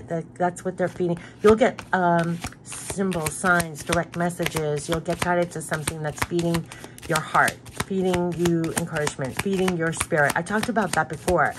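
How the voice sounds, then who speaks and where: A woman's voice: low voice, background noise. A woman reading tarot-style spirit cards, speaking straight to the viewer, encouraging, with many repeated phrases and loose restarts. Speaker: spiritual card reader. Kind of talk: card reading, direct address.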